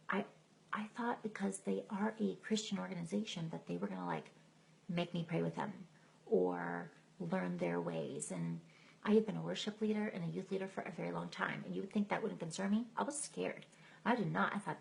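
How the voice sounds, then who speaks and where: Middle-aged woman, very gravelly low-ish voice, candid emotional testimony on a live stream. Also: sing-song, moderate pace, low-quality recording. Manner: candid and emotional, laughing at herself. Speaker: speaker sharing her testimony. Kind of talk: personal testimony told live. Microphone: phone or computer mic on a live stream.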